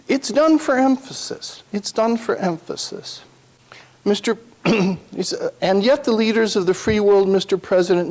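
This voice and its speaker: Male lecturer, slightly high voice, musing delivery, solemn when quoting. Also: a little mellow. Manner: thinks aloud, reads quotations with slow solemn emphasis. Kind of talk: university lecture on rhetoric.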